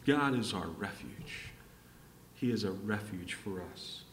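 Male preacher, slow and drawn out, animated pitch, long hall reverb. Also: a little hiss or hum. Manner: repetitive, rising to emphatic peaks and dropping low. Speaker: pastor. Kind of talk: sermon. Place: church hall. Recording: echoey hall from far off.

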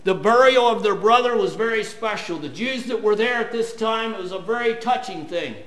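A man preaching a sermon, reading scripture slowly and building to loud, emphatic points. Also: high-pitched. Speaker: pastor.

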